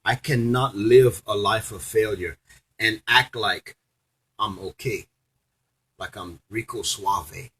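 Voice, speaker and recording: A man's voice: on the low side, takes it slowly, fairly bright tone, husky, poor audio. A man delivering an angry, profane, preachy rant to his audience as a vlogger. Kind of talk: angry ranting monologue.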